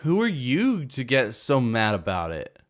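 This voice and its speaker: A man's voice: huge pitch swings, unhurried. A man voicing a drunk, rude young woman partygoer in a story reading, whiny and slurring. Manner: slurring, whiny, shrill outbursts.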